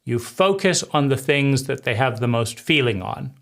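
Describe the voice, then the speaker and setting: A man teaching conversation skills in a deliberate way, often repeating himself and checking in with "right?". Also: mid-range voice, expressive, vocal fry. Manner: slow, deliberate, repeats phrases and asks "right?". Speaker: life coach.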